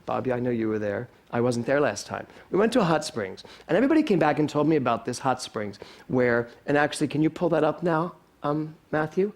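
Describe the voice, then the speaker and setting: A man preaching from the pulpit, spinning a humorous personal story. His voice sits a little high and he talks with animated, self-deprecating humor, chuckling at himself as he goes. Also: brisk. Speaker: pastor. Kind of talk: storytelling sermon. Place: spiritual center sanctuary.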